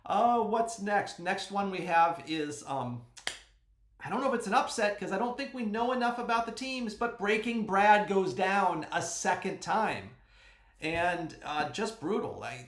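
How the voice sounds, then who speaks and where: A man hosting a casual fantasy sports podcast, chatty and joking, sometimes bursting into a yell. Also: high-pitched, reverberant. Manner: chatty and joking, with sudden yells. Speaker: podcast host.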